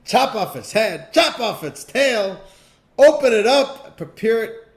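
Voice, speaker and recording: A man's voice: sits high, big pitch swings, unhurried, pitched above the performer's own voice, exaggerated voice. A man voicing a self-satisfied king who barks orders in a storytold lesson. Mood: commanding. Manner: commanding, barking orders.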